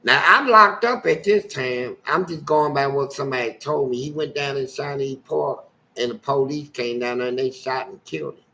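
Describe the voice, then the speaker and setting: An older man, telling colorful stories from his past in a casual, animated way. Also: mid-range voice, normal speed, a little hiss or hum, rough recording. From Louisville, Kentucky. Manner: animated, colorful, acting out voices. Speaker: storyteller guest. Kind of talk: casual storytelling.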